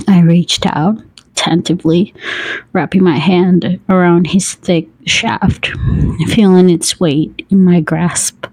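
Slow, husky whispering woman. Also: lowish voice, dry recording, low-quality recording. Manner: breathy whispered reading with soft laughs and self-corrections. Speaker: story reader. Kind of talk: whispered role-play.

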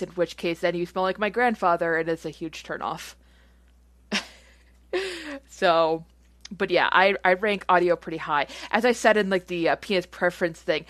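A woman's voice: on the low side, a bit bright, no echo. A woman chatting casually as she answers listener questions. She rambles with lots of fillers and giggles. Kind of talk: casual chat.

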